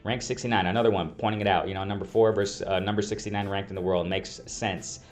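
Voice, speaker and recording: A man with a fairly low voice talks casually as he reads and reacts to comments. He sounds exasperated, often repeats his phrases and laughs between them. Soft music plays faintly behind him. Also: fairly even intonation, fast talker. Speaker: boxing commentary video host.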